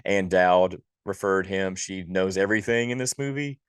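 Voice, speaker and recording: Male podcast co-host, very low voice, dry close sound, exasperated and profane ranting. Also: normal speed, smooth, no echo. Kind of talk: casual movie review chat.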